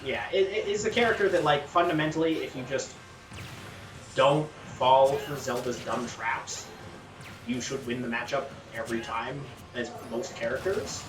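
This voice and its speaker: A man's voice: mid-range voice, moderate pace. Canadian man commentating esports casually. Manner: chatty, lots of ums and uhs. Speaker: tournament commentator. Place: campus gaming tournament room. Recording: roomy sound, mic at a distance, game music behind.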